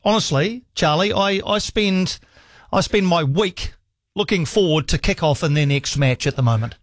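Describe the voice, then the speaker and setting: A man's voice: on the high side, expressive, normal speed, no echo, studio quality. A man hosting a sports radio call-in show, enthusiastic, laughing often and reeling off stats. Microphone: studio microphone.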